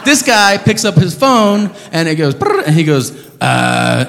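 A man's voice: sits high, expressive, normal speed. A male stand-up comedian telling a story in an exasperated, profane, emphatic way, on a comedy stage. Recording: reverberant hall with audience noise.

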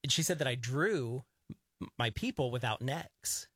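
A man co-hosting a radio talk show, telling animated, rambling stories in casual chat. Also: mid-range voice, moderate pace, breathy edge, no room sound, studio quality. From grew up in the countryside.

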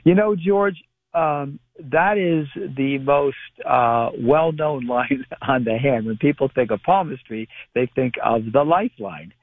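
A man who is a guest on a call-in radio show explains palmistry in a measured way, often restarting his phrases. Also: medium pitch, dry recording. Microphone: telephone. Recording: tinny phone line, dry.

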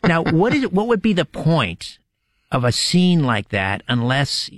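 A man's voice: fairly high pitch, sing-song, measured pace. A man guest-hosting a late-night radio show, talking in an easy, chatty way. He restarts his sentences often and sounds amused. The studio sound is close and dry, with no room echo. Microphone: studio microphone.

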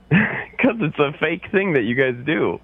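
A man's voice: a little high, very animated, takes it slowly, breathy edge, no echo. A man from Orange County calling in to a radio show, needling the host in teasing banter. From Orange County, California. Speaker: caller. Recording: tinny phone line.

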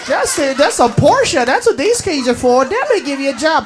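A woman doing a stand-up comedy routine, brash and profane, yelling punchlines on a club stage into a handheld mic. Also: sits high, very animated, moderate pace, few pauses. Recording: live club with crowd noise and laughter.

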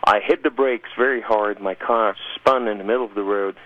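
A man's voice: fairly low pitch, fairly even intonation, moderate pace. A man telling his personal testimony in an earnest, rising way, heard over tinny phone-line radio audio. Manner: earnest storyteller, rising intensity.

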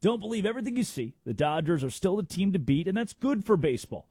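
A man's voice: sits high, very animated, fast, darkish tone, breathy edge, no echo, studio quality. A man hosting a sports talk radio show, making emphatic arguments with rhetorical questions.

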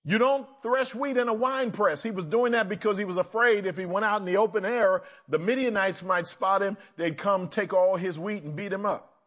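A man preaching a sermon as pastor, animated, swinging between loud emphasis and quiet asides. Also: sits high, moderate pace.

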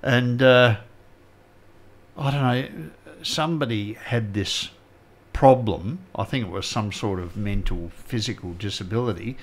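A man's voice: lowish voice, measured pace. Nasal, chatty man. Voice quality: nasal, blocked nose. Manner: rambling, chatty, lots of fillers. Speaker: radio co-host. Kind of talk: casual chat.

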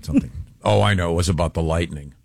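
A man's voice: low-pitched, fast talker, vocal fry, dry recording, clean studio sound. A man hosting a casual group talk show, rambling and self-mocking with many restarts.

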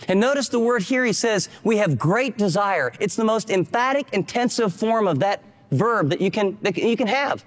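High-voiced emphatic male preacher. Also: expressive, normal speed, few pauses, in a large hall. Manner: emphatic, acts out quotes with rising pitch. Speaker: pastor. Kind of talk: sermon.

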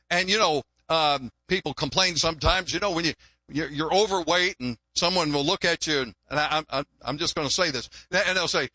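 A man's voice: fairly high pitch, fairly quick, bright, forceful tone, dry recording. An older man, a longtime pastor, preaching a folksy, joking sermon and often repeating words.

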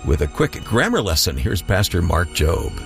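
Male radio host, low voice with lively inflection, scripted intro over a clear music bed. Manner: measured announcer delivery.

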